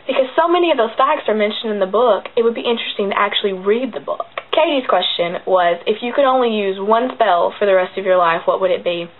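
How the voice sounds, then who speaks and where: Young woman, rambling casual vlog chat, thin phone-like sound. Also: mid-range voice. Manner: chatty, rambling, many fillers. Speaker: fan channel vlogger. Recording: tinny phone-like webcam audio.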